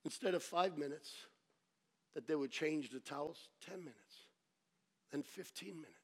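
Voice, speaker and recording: A man preaching a sermon as pastor, telling a story dramatically, dropping to a hush and then rising to shouts. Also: on the high side, normal speed.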